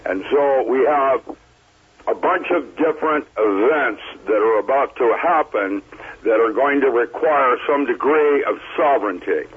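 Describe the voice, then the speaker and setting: A man's voice: mid-range voice, a little slow, husky. A man speaking as a guest on a call-in interview, stating his views bluntly and matter-of-factly. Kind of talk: phoned-in interview talk. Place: calling in remotely. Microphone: phone or computer line. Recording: tinny phone line.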